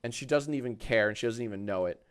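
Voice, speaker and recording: A man in his thirties chatting casually on a live stream from a small home office, animated and swearing freely. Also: medium pitch, fast, clear, resonant tone. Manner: animated, swearing, baby talk to his dog.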